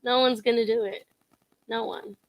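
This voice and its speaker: A woman's voice: on the high side, steady tone, normal speed, gravelly, dull audio. A young woman vlogging casual commentary, sassy and blunt, laughing often as she mocks.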